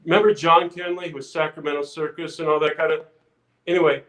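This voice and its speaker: An older man, a podcast guest, telling a lively anecdote in casual chat, full of restarts and acted-out quotes. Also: on the high side, fast talker, echoey room, low-quality recording. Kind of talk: casual storytelling.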